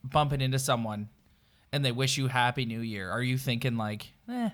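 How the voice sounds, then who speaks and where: A man's voice: medium pitch, fairly even intonation, fairly quick, fairly bright tone. Nasal man with a head cold. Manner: rambling, filler-heavy, emphatic. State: stuffy nose from a cold. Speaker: podcast co-host. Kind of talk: casual sports chat.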